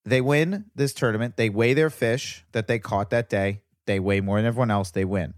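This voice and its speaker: Comedian guest, male, lower voice, rambling excited storyteller, dry close sound. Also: normal speed, no room sound. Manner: animated rambling storyteller, repeats words. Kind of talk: casual podcast chat.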